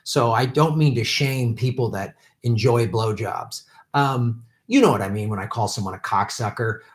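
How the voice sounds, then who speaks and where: A man's voice: medium pitch, moderate pace. A man hosting a political livestream, ranting angrily and profanely at politicians in an unscripted commentary. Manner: profane, shouting, bitter ranting.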